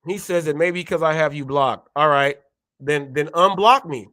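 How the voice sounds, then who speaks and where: Heated and indignant, this Californian host of a gig-economy show repeats himself for emphasis as he rants live. He is an adult and a parent whose voice runs on the high side, sharp in tone, at normal speed, in a dry recording.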